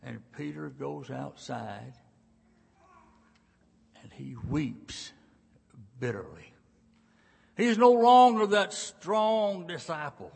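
A gravelly, husky older man preaches slowly and deliberately. He tells the story in a folksy, dramatic way, swinging from loud bursts to near-whispers. His voice rings with the long reverb of a large church. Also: on the high side. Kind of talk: sermon. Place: church sanctuary.

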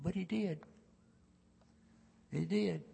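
A gravelly, husky older man preaches slowly and deliberately. He tells the story in a folksy, dramatic way, swinging from loud bursts to near-whispers. His voice rings with the long reverb of a large church. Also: high-pitched. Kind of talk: sermon. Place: church sanctuary.

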